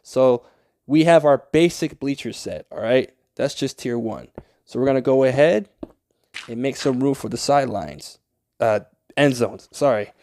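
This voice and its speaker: A man's voice: medium pitch, measured pace, a little mellow, dry recording, studio quality. A young man talking through a game tutorial in a casual, rambling way, swearing often and easily annoyed. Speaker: Minecraft tutorial creator. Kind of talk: casual gameplay tutorial voice-over.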